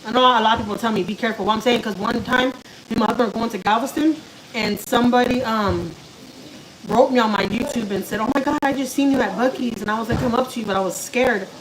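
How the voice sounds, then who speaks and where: A woman's voice: on the high side, fast, noisy background. Chatty woman chatting on a live stream. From Houston, Texas. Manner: chatty, talks to her pet and reads out viewer comments. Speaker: vlogger doing a live stream. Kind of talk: casual chat with live viewers while cooking. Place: home kitchen.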